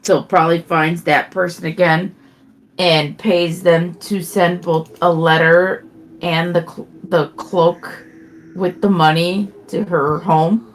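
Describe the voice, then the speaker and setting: A woman playing a tabletop game, briskly explaining what her character does. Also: lowish voice, fairly even intonation, slight background noise. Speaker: player. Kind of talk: casual tabletop game chat.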